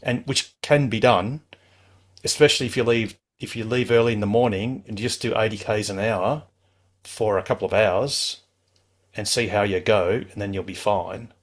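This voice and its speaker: Male host, lower register, easygoing and reassuring, restarts a lot. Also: moderate pace. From Australia. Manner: relaxed, chatty, reassuring, many restarts. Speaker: club host. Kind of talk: casual advice on a live call-in show.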